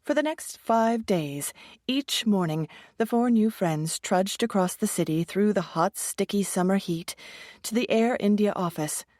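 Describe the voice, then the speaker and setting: A woman's voice: mid-range voice, dry recording. Woman narrating an audiobook, dry close. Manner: even, measured storytelling. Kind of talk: scripted narration.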